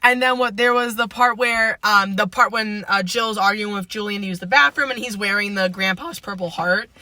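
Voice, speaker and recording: A man's voice: sits high, moderate pace, bright, forceful tone, dry recording. A young man hosting a casual podcast chat, rambling with many fillers and restarts. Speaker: podcast host.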